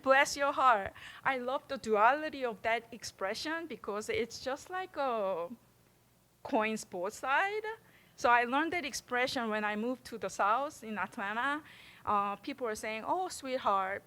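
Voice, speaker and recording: A middle-aged woman from Korea with a Korean accent, giving a public artist talk in an animated, chatty way and laughing often. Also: a little high, measured pace. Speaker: visiting artist.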